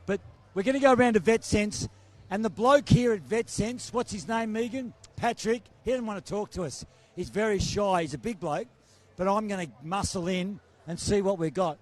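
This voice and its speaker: A jovial man with a fairly high voice roams a trade night as host. He jokes and chats easily with each exhibitor, and his voice is wearing thin from a long evening. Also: normal speed. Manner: jovial, chatty, joking. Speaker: roving event host. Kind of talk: casual roving interview. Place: trade show floor.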